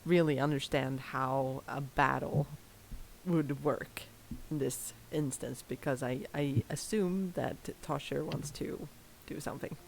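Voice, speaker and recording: Woman, low-pitched voice, excitable, game master, casual chat. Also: slow pace, vocal fry, slight background noise, low-quality recording. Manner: excitable, gushing.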